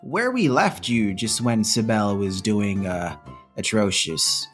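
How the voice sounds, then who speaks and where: A man's voice: on the low side, animated, slow, fairly bright tone, soft background music. A man co-hosting a comedic history podcast, telling the story in a playful, mock-exasperated way. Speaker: podcast co-host.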